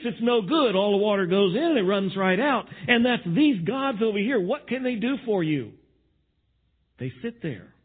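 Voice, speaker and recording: A high, husky male voice delivers an outdoor Bible teaching beside a spring. He speaks with emphasis and stacks short phrases one after another. The sound is thin and tinny, like a phone line.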